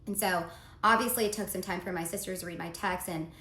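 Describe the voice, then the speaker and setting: A woman's voice: fairly low pitch, steady tone, quick pace, bright, forceful tone. Woman telling a story in a roomy space. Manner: earnest, reads out text messages, confiding. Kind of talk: casual storytime monologue. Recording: roomy echo, faint background noise.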